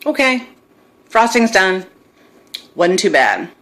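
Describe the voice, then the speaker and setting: A woman's voice: mid-range voice, big pitch swings, takes it slowly, fairly bright tone. A middle-aged woman in her home kitchen, recording a casual cooking vlog on her phone and wandering into self-deprecating stories. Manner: rambling, self-deprecating storyteller. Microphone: phone camera.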